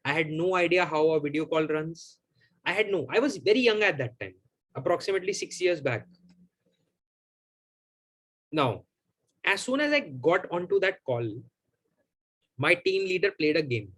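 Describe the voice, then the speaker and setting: A man, hosting a live Q&A and telling a personal story to his audience in an animated, emphatic, repetitive way. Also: on the high side, moderate pace, long pauses. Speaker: host of a live Q&A.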